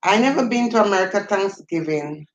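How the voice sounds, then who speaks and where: A middle-aged Jamaican woman hosting a casual livestream. She talks in a relaxed, chatty way, reading out viewer comments and answering them between stories. Her Jamaican accent runs through everything she says. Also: medium pitch, a little fast, echoey room, highs cut off, a little hiss or hum. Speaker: livestream host.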